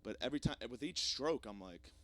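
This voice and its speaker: A young man hosting a podcast, rambling through a jokey, self-deprecating solo monologue with plenty of swearing, swinging between loud bursts and mumbled asides. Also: medium pitch, lively intonation, fairly quick, no room sound. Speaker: podcast host.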